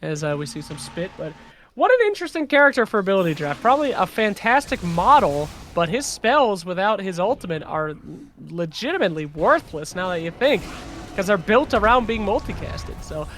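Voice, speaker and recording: A man calling esports play-by-play, quick and excitable, who swears now and then. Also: sits high, a little hiss or hum. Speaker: caster.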